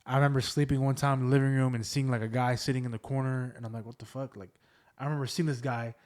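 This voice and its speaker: Dude hosting a podcast, rambly ghost story telling, lots of likes and um's. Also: male voice, medium pitch, steady tone, quick pace, a little mellow. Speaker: podcast host. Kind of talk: casual storytelling chat.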